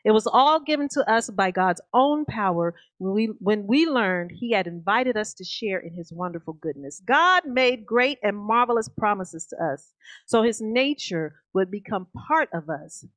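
A woman's voice: mid-range voice, lively intonation, normal speed, a bit bright, no room sound. A woman preaching a sermon, reading scripture with emphatic, call-and-response delivery.

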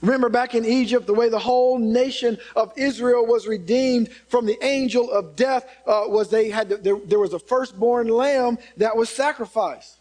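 A pastor preaches in a high, bright-pitched male voice. He presses his points by repeating single words and calling out to the congregation between thoughts. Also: normal speed, few pauses, poor audio. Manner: emphatic preaching, repeats key words, calls out "come on". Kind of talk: sermon.

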